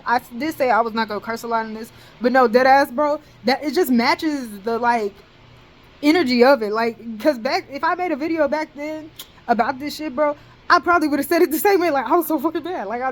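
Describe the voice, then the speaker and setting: A woman's voice: high voice, a little fast, low-quality recording. A young woman in college telling a storytime vlog in casual, slangy speech, full of cursing and fillers like "bro.". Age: young adult. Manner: slangy, profane and animated, with many fillers like "bro" and "dead ass".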